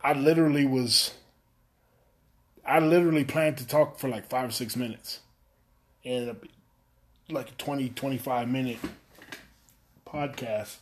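Subdued, monotone male podcast host. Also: a little slow, pauses often. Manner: subdued, low-energy monotone delivery; rambling, self-deprecating. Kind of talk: casual chat.

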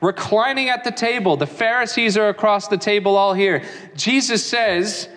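Animated high-voiced preacher in a hall. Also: male voice, moderate pace. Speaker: pastor. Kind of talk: sermon.

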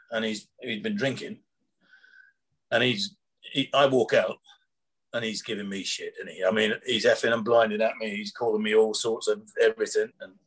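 A former prison officer tells rambling anecdotes in casual chat, chuckling as he acts out quoted dialogue. His voice is mid-range and slightly rough.

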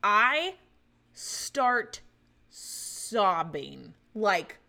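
Bright-voiced woman rambling solo, swears a lot, big swoopy pitch. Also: very animated, extremely slow, gravelly. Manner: swearing, rambling, laughing often. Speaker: podcast host. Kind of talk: casual solo chat.

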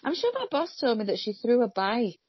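A woman's voice: a little high, very animated, fairly quick, slightly rough, no echo. A woman in sympathetic, chatty conversation. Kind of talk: casual chat. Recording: dull lo-fi dry sound.

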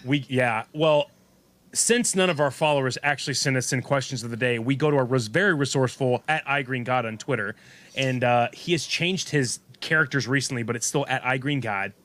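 A man co-hosting a podcast in casual chat, goofy and quick to laugh, talking over a webcam call. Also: medium pitch, fairly bright tone. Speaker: podcast co-host.

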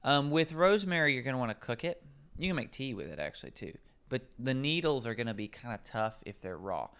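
A man's voice: medium pitch, lively intonation, brisk, a bit bright, clear, resonant tone. A man, a nutrition coach, explaining herbs in casual podcast conversation, rambling and correcting himself as he goes.

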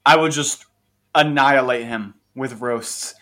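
A man's voice: mid-range voice, fairly even intonation, unhurried, bright, forceful tone. A young American man from Florida co-hosting a casual podcast chat from his garage, joking and swearing freely. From Florida, United States. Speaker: podcast co-host.

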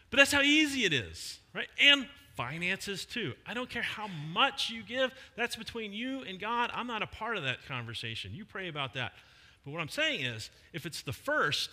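A middle-aged male pastor preaching a sermon in a conversational way, with emphatic pauses on key words. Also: on the high side, sharp tone. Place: church hall. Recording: long hall reverb.

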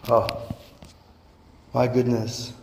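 A pastor preaching a sermon in a lively, conversational way, often repeating words as he goes. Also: medium pitch, extremely slow, a little hiss or hum. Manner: animated, conversational, repeats words and acts out quotes. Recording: echoey hall with long reverb.

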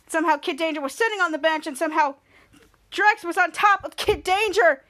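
A woman's voice: very high voice, a little fast, sharp tone. A woman hosting a podcast, retelling a TV episode in a rambling casual way, often repeating herself. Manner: rambling, repeats "somehow" and "cut to". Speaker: podcast host.

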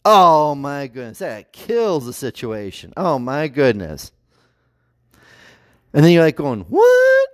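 A man's voice: fairly high pitch, sing-song, slow, long pauses, no echo. A man vlogging in a casual monologue. He rambles, restarts often and acts out quotes.

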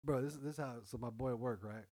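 A man with a mid-range voice tells a story fast in casual chat, swearing freely and animatedly acting out the dialogue he quotes. The audio quality is poor.

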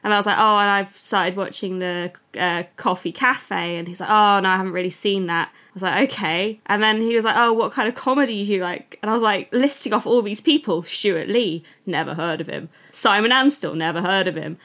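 A woman in her thirties, co-hosting a podcast, telling stories in a chatty way with quick laughs. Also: medium pitch, a bit bright. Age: 30s. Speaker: podcast co-host. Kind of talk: casual chat.

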